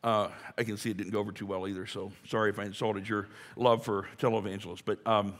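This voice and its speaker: A pastor delivering a sermon in a conversational way, building to emphatic rhetorical questions. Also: male voice, lowish voice, level tone, quick pace. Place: church sanctuary. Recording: long hall reverb.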